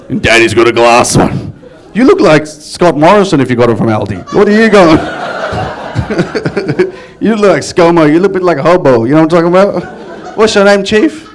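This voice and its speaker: An Australian man working a comedy crowd on stage, cursing freely and riffing on the audience. His voice sits a little high for a man, and he keeps the banter loose and cheeky. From Melbourne, Australia. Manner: crude, crowd-work banter, swears freely. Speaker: stand-up comic. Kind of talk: stand-up comedy set.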